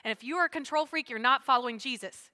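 A woman pastor preaching a sermon, swinging between loud emphatic lines and hushed asides. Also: high voice, fast.

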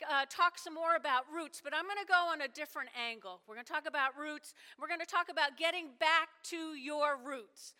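A woman pastor preaching a sermon, telling animated stories and talking directly to her congregation. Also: high voice. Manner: animated storytelling with asides to the congregation. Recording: hall reverb.

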